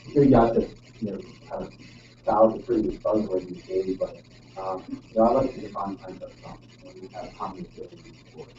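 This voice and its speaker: A man presents a technical talk to an audience in a loose, chatty way, full of fillers and tag questions. His voice is low and mellow, picked up from a distance. The recording is muffled and dull, with faint background noise. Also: fairly even intonation, normal speed, echoey room. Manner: casual, full of ums and frequent "right?" tag questions. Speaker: presenter at a user group meeting. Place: meeting room.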